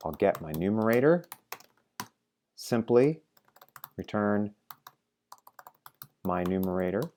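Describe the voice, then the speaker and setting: A deep-voiced man walks through code in a live lecture, typing on a keyboard as he talks. He keeps it informal, throwing questions at the viewer and coaxing them to say the answers with him. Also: lively intonation, slow, warm tone, a little hiss or hum. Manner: chatty, asks the viewer questions and prompts them to answer along. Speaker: programming teacher.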